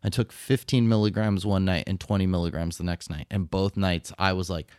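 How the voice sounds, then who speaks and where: Laid-back lower-voiced man telling a story. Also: a little fast, clean tone, no room sound, studio quality. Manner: animated, swears, laughs while telling stories. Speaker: podcast co-host. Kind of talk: casual chat, storytelling.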